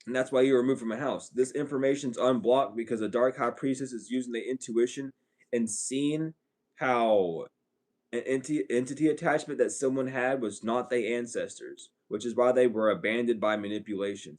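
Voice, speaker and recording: A man's voice: medium pitch, normal speed, a little mellow. A man giving a blunt, profane, ranting spiritual reading to his viewers as an online psychic reader.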